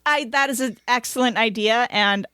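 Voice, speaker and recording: A woman co-hosting a podcast in casual, rambling chat, quick to laugh. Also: on the high side, bright, forceful tone, clean tone, no room sound. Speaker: podcast co-host.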